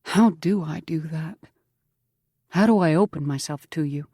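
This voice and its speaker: A woman reading the part of an earnest young frontier man praying haltingly, his voice near cracking. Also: sits low, dark tone, husky, no echo, studio quality. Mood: pleading prayer. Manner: halting, heartfelt prayer. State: voice on the edge of cracking. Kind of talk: audiobook character voice.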